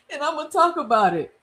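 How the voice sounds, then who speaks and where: Hosting a live boxing reaction stream, a woman speaks to her chat in disbelief, laughing often as she comments. Her voice is high, pushed, and bright.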